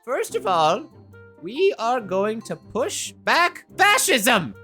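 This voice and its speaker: A woman's voice: medium pitch, very animated, normal speed, faint music behind, pitched above the performer's own voice. A woman doing a feisty ninety-year-old grandma. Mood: brash. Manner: loud, brash outbursts.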